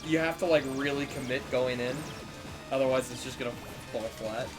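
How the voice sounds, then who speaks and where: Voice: medium pitch, a little fast, over music. A co-host on a game stream who rambles and jokes in casual group chat. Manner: rambling, laughing, joking.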